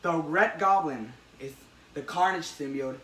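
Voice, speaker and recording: A man hosting a casual comic book chat, retelling a story with excitement and many restarts. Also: a little high, a little slow, recorded from a distance. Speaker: podcast host. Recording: echoey room, faint noise.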